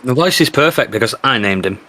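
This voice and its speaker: A man with a bright, lively voice playing in a tabletop game. He jokes around and swings his pitch up and down as he speaks. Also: fairly quick. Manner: animated, jokey. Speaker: player. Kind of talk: casual tabletop game play.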